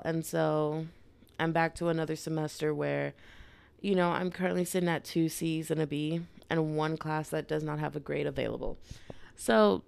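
Low, gravelly young woman podcasting casually. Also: no echo. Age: 20s. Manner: candid, rambling, slangy. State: dry, irritated throat. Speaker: podcast host. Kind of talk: casual solo podcast talk.

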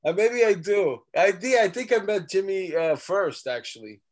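Man, comedian guest, casual chat, halting self-deprecating jokes. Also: sits high, sing-song.

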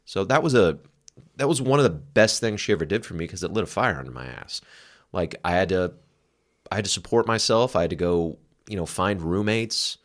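A man with a very low, deep voice speaks in relaxed podcast conversation. He is frank and reflective about his own life and swears casually now and then, with an unguarded way of talking. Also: brisk. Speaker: podcast co-host. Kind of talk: candid conversational chat.

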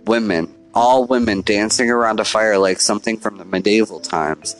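A man's voice: fairly low pitch, normal speed, soft background music, lightly acted, poor audio. Man voicing a haunted regretful father. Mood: solemn. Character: grave middle-aged father, haunted and regretful. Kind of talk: storybook narration.

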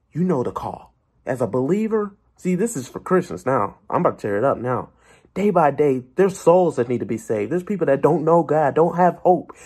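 A man's voice: medium pitch, a little mellow, husky. A young man in a Christian video blog, giving a motivational devotional talk and pressing his viewers with rhetorical questions. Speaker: Christian vlogger.

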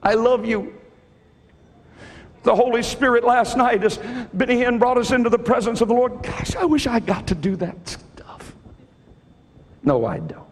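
Preacher man, high voice, slow drawn-out delivery, goes from hushed to shouting, big echoey church. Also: animated. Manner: pleading, swings from hushed near-whispers to shouted exhortation. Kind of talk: sermon. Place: large church hall. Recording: long hall reverb.

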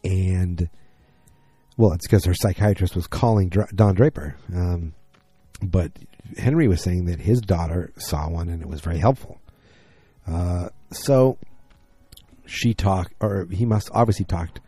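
A man's voice: low voice, mellow, husky, no room sound. A tired man recapping a TV episode late at night in a casual, rambling way, full of fillers and restarts.

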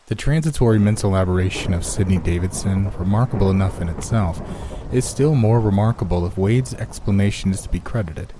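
A man reading a classic short story aloud as a narrator, in a measured, even storytelling delivery. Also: low voice, background noise.

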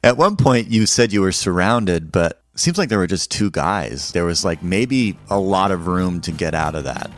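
A man playing a quiet, matter-of-fact cab driver who weighs things up dryly. The voice stays low and calm, with no show of feeling. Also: moderate pace, few pauses. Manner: dry and reasoning.

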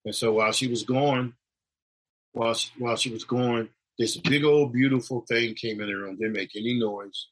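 The low-quality recording captures a steady, mid-range male voice at normal speed. He shares his personal near-death experience as casual testimony, rambling with restarts and voicing the people in the story.

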